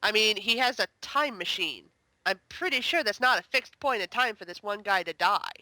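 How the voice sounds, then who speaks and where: A woman chatting casually as a guest on a review podcast, exasperated and full of quick asides. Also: mid-range voice, lively intonation, pushed and bright, no room sound.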